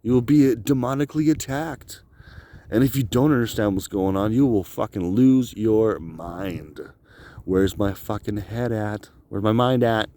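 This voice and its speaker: A man's voice: fairly low pitch, a little slow, dark tone. A man talking to camera outdoors in a loose, drifting monologue, swearing often and laughing between thoughts. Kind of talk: rambling solo vlog monologue. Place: outdoors on icy cliff edge.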